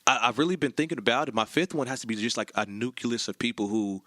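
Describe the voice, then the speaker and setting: A man's voice: medium pitch, fast talker, sharp tone, dry recording, clean studio sound. A young man in casual conversation, rambling and laughing as he tells stories. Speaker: podcast co-host. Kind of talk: casual chat.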